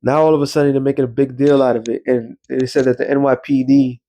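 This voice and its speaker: A man's voice: medium pitch, flat delivery, fast, mellow. New guy rambling through a casual commentary vlog, loose street talk. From New York. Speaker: religious commentator.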